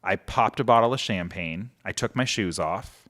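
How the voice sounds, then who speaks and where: A man's voice: on the low side, normal speed. A man, a podcast guest telling a story casually and animatedly, acting out quotes. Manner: animated, acts out quotes, many "like" fillers.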